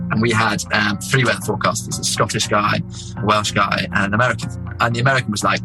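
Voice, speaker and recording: A man from England, an explorer guest, telling a story in a casual, lively way. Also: fairly low pitch, fast, low-quality recording. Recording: music bed under voice.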